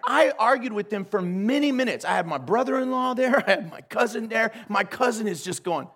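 A man's voice: high voice, expressive, brisk, hardly any pauses, fairly bright tone. A man preaching as a pastor, telling a story animatedly, acting out the dialogue and laughing along. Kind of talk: storytelling sermon.

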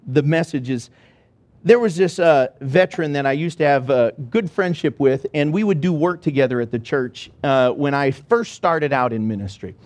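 A male pastor preaching a sermon, telling a story with animated, rising excitement. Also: a little high, no room sound.

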